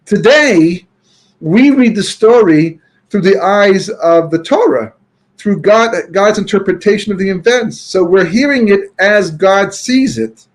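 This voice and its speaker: Male Torah speaker, husky tone, higher pitch, rambling storyteller with Yiddish and Hebrew asides. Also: animated, unhurried. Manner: chatty, frequent "you know" and restarts, peppered with Yiddish and Hebrew terms; grows loud and emphatic when arguing a point. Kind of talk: storytelling talk.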